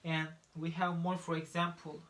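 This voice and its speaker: A man's voice: a little high, monotone, normal speed, a bit bright, slight background noise. A man teaching English pronunciation, repeating each example word several times and often restarting his sentences. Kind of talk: pronunciation lesson.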